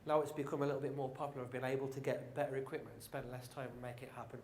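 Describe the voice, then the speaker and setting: A man with a Brummie accent giving a lively, joking marketing talk to a live conference audience, addressing the crowd directly. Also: medium pitch, racing, slight background noise. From England. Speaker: conference speaker. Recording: roomy hall sound.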